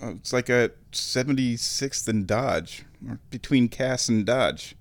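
A man from Omaha, Nebraska, telling a rambling, nostalgic story in a casual monologue, chuckling often and clearing his throat. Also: medium pitch, measured pace. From Omaha, Nebraska, USA.

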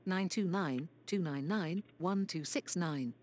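Low-voiced woman joking in a voice chat. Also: slow, darkish tone. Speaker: participant in an online voice chat. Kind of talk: casual chat.

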